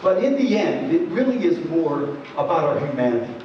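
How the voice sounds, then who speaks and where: Guy presenting to a room, kinda high voice, chatty and earnest, lots of asides, echoey and far from the mic. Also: sing-song, normal speed, slight background noise. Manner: earnest, many asides and "you know"s. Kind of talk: conversational storytelling talk. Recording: echoey hall, distant dull mic.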